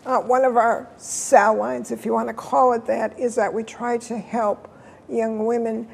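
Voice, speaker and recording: Slow, gravelly woman leading a panel. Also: a little high, level tone, a little mellow, a little hiss or hum. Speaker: program leader and host. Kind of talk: panel discussion.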